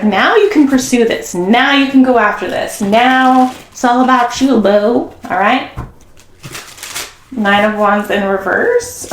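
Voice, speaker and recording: A woman doing a casual, chatty tarot reading, talking warmly and effusively to her viewers. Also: fairly high pitch, a little hiss or hum. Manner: chatty and effusive, gasps and acts out quotes. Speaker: tarot reader. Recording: echoey room.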